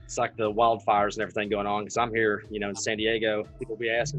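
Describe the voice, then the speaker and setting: A man hosting a casual podcast interview, asking open questions in a relaxed way and often saying "you know". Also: on the low side, fairly quick, soft background music. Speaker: podcast host.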